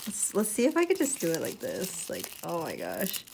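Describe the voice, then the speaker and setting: A young woman vlogging as she opens a package, casual and excitable, squealing and giggling often. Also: fairly low pitch, normal speed, vocal fry, background noise. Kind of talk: casual unboxing chat.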